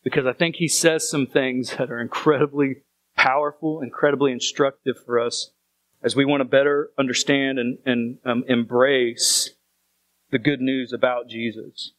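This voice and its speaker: A man's voice: mid-range voice, little pitch movement, normal speed, fairly bright tone, dry recording, rough recording. A man preaching a sermon as pastor, speaking earnestly and repeating phrases for emphasis.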